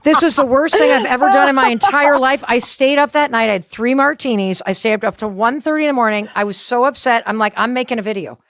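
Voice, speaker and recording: Woman in her 50s telling a story, kinda high voice, lively, acts out the quotes, dry close sound. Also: quick pace, few pauses, no room sound. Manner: animated, self-deprecating storyteller acting out quotes. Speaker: guest. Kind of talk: casual storytelling chat.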